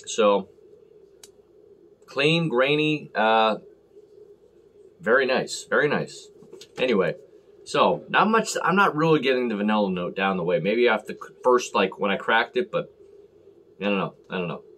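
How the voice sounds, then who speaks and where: A man's voice: on the low side, expressive, measured pace, pauses often, a bit bright. A man talking casually and rambling as he reviews a beer on camera, full of fillers and self-deprecating asides.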